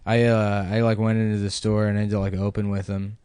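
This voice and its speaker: A man's voice: on the low side, flat delivery, a little fast, a little mellow, smooth, no echo. A man co-hosting a comedy podcast, telling a rambling, profane story and laughing at his own jokes.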